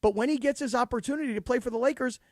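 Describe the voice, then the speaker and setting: Wisecracking sports radio guy, quick and high, dry booth. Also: dry recording. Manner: sarcastic, joking. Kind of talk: casual sports talk. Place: radio studio.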